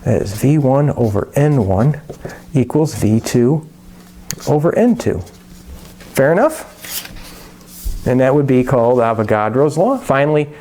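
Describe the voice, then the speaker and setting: A man teaching a chemistry lesson in a casual, chatty way, with jokey asides and quick self-corrections. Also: mid-range voice, mellow. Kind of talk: casual lecture.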